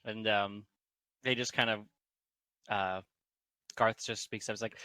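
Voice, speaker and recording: A man's voice: lowish voice, steady tone, unhurried, pauses often, bright, forceful tone, smooth, dry recording. A man running a tabletop game as game master, narrating casually with lots of fillers.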